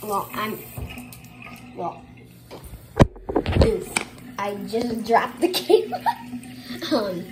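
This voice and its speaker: A woman's voice: mid-range voice, sing-song, very slow, pauses often. A young woman chatting casually in a get-ready-with-me vlog, rambling with lots of fillers and giggles. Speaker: vlogger. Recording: echoey room with ambient noise.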